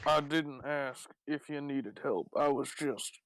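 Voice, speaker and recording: A man voicing a gruff Southern adventurer with a drawling Southern US accent. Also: mid-range voice, takes it slowly, no echo, lightly acted, poor audio. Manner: drawling, folksy. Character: gruff Southern adventurer with an alien egg pod.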